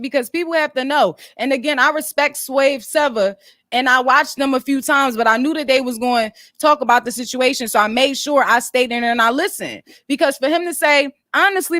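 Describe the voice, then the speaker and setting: A woman's voice: sits high, moderate pace, a bit bright, no echo, studio quality. A woman hosting a casual commentary vlog, blunt and profane as she walks her viewers through business details. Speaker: commentary channel host.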